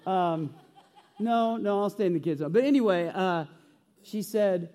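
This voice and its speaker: A man's voice: high voice, expressive, a little slow, mellow. A male pastor preaching a sermon, telling a story with humor and earnest conviction in a church. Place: church sanctuary. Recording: reverberant church hall.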